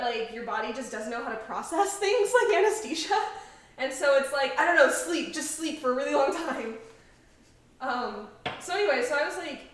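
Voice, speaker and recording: A chatty young woman hosts a cooking show and tells rambling stories full of "like" and "um". Her voice sits a little high and carries through a very echoey kitchen. She is picked up from some distance off the mic. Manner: chatty storyteller, many "like"s and laughs. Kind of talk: casual chat while cooking. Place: home kitchen.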